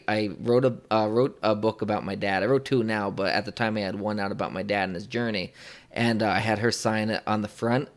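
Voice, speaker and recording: Young man, interviewer, casual storytelling, rambling, lots of fillers. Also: on the low side. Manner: rambling, emotional, with many fillers and restarts.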